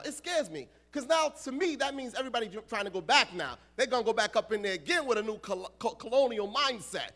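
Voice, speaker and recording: An American man preaches as an imam, joking with the crowd and calling on them directly. His voice sits very high, with a bright, forceful edge. It swings widely in pitch as he works the room. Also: a little fast. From United States. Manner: animated, humorous, addresses the crowd directly. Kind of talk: sermon.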